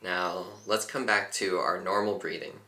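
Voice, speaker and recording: A man leading a guided meditation in a calm, unhurried, gently instructive way. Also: deep voice, roomy sound. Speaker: meditation teacher.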